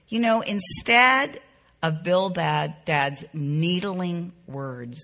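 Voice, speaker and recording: A woman's voice: lowish voice, fairly bright tone. A middle-aged woman teaching a Bible class to women, earnest and tender, repeating key phrases to drive them home. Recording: reverberant hall.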